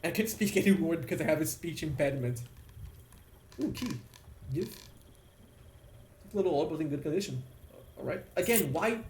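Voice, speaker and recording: A man, a Portuguese speaker, chatting excitably and swearing freely as he streams a game and reads chat aloud. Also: on the high side, moderate pace, pauses often, a little hiss or hum. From Brazil. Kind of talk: casual live-stream chat while playing. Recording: roomy echo, faint game music.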